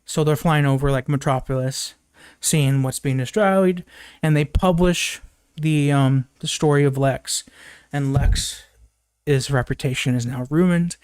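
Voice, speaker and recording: A man's voice: mid-range voice, measured pace, a little mellow, clean tone, no room sound. A young man giving a casual live movie review, recapping the plot in a rambling way with lots of fillers and swearing.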